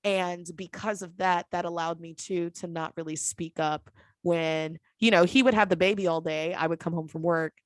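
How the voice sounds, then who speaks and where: A woman in her twenties hosting a candid podcast chat, her voice sitting on the low side. She talks frankly, swears freely and laughs often as she acts out quotes. The sound is close and dry. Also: fairly even intonation, moderate pace, no echo. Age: 20s. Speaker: podcast host.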